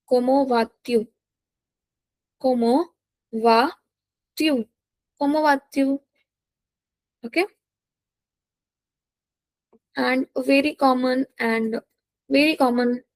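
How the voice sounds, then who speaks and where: A woman's voice: high voice, steady tone, unhurried, pauses often, a little mellow, no echo. A young woman teaching a beginner French lesson, patiently repeating each word and checking in with "okay?". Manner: patient, repeats words, says "okay?" often; non-native English phrasing. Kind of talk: slow beginner language lesson.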